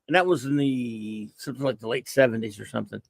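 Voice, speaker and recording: An American man hosts a casual livestream chat over a video call, his voice mid-range, gravelly, and fast with no echo. He thinks aloud as he goes, restarting his sentences often.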